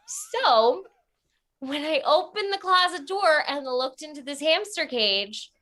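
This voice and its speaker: A young woman tells a funny story in a bright, forceful voice pitched a little high. She acts out the people she quotes and jumps into sudden squeals. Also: expressive, takes it slowly. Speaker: storytelling guest. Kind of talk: casual comic storytelling.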